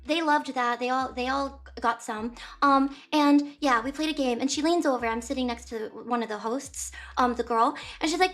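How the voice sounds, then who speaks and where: A woman's voice: high-pitched, normal speed, hardly any pauses. A young woman streamer casually telling a rambling story to her chat, full of fillers and acted-out quotes. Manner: rambling, lots of fillers and voiced quotes of others. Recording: lo-fi music playing softly behind.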